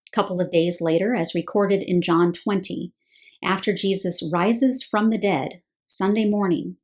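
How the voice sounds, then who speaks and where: A woman's voice: mid-range voice, steady tone, measured pace, a little mellow. A woman giving a scripted Bible teaching talk, explaining step by step and posing rhetorical questions.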